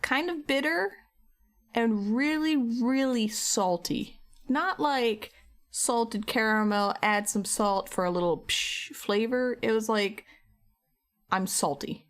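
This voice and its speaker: Young woman streamer, bit high voice, giggly casual chat w viewers while painting at home. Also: takes it slowly. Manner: chatty, giggly, talks to viewers by name.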